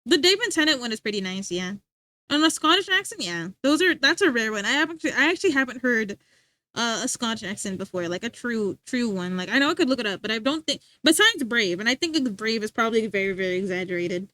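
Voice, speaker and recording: Giggly high-voiced woman streamer. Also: expressive, quick pace, pushed and bright. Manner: chatty, giggly, lots of filler words. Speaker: livestreamer. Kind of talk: casual chat with viewers.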